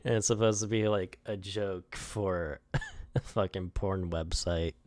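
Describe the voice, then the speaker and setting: A man's voice: low-pitched, slow, darkish tone, no echo. A young man casually talking through his own storyboards, rambling, laughing often and swearing, with lots of "like" in his speech.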